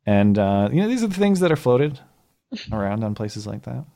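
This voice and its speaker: A man's voice: on the low side, very animated, moderate pace, creaky, mellow. A man hosting a live call-in show, chatting casually and wryly with callers.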